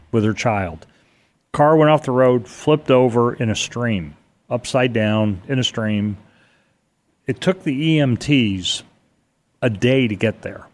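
Man animatedly retelling a story. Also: medium pitch. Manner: animated storyteller, speeds up and slows down. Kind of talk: casual chat.

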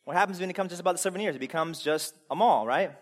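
Speaking high and at a racing speed, a man preaches in an informal, chatty manner. He asks the congregation rhetorical questions, moving back and forth between forceful volume and soft side remarks.

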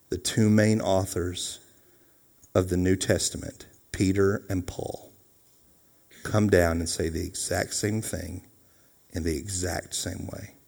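A man preaching a sermon as pastor, animated and jokey, acting out voices. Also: sits low, vocal fry, husky. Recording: long hall reverb.

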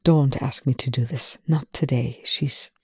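A reader voicing a haunted, distraught male scientist in a soft, low murmur. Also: steady tone, a little slow, breathy edge, dry recording, studio quality. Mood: pleading. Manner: quiet, low murmuring delivery.

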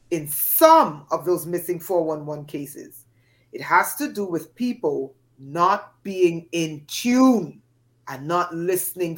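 Animated woman telling a dramatic story. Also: low-pitched. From Trinidad and Tobago. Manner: dramatic, emphatic storyteller, acts out voices. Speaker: podcast guest. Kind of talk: storytelling in an interview.

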